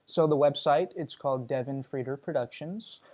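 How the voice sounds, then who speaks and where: A man's voice: on the high side, normal speed, darkish tone. Earnest young man with many ums. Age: young adult. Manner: earnest, lots of ums and you-knows. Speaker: stage actor. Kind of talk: casual interview.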